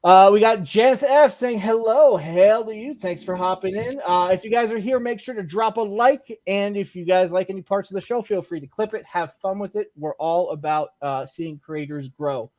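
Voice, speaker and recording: A man hosting a live-streamed show, reading out chat messages and giving loose, joking shout-outs. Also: high voice, moderate pace, hardly any pauses. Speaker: podcast host.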